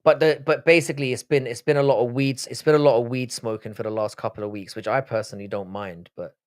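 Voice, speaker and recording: A man's voice: mid-range voice, steady tone, quick pace. Tired man chatting on stream. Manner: swears freely, rambling with restarts. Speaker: livestream host. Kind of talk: casual live-stream chat.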